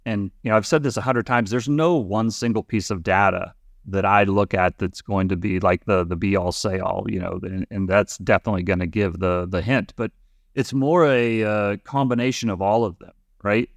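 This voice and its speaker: A man's voice: on the low side, fairly even intonation, moderate pace, no echo, clean studio sound. A man from rural Nebraska co-hosting a finance podcast, chatty and rambling with many restarts. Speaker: podcast co-host. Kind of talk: casual finance chat.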